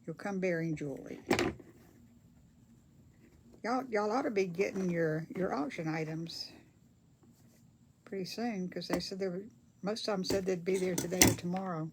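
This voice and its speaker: A woman's voice: on the low side, normal speed, long pauses, heavy background noise. An older woman chats casually with viewers during a craft livestream, reading their comments aloud in a folksy way. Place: home craft table.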